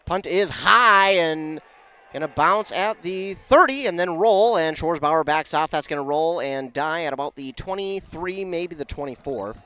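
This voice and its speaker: A man calling a local high school football game, chatty and self-correcting, rising in pitch and volume on big plays. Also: animated, measured pace, sharp tone, clean tone. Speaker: play-by-play announcer. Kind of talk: local football play-by-play commentary.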